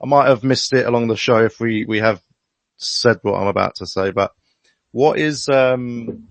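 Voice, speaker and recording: A man's voice: mid-range voice, moderate pace, no room sound. A man hosting a live stream interview, rambling through his questions with apologetic restarts. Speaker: show host.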